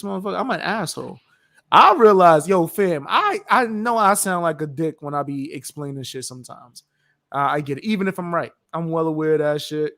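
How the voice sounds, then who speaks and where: A young man on a stream, talking bluntly through his points in casual chat. His voice sits a little high, and laughter breaks through now and then. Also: fairly bright tone. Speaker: stream co-host.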